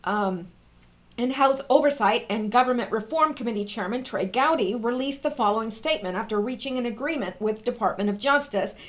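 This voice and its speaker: A woman's voice: on the high side, fairly quick. A woman hosting a casual commentary, explaining online posts and reading statements aloud with emphatic repetition. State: coughing, throat clearing. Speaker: political commentary host.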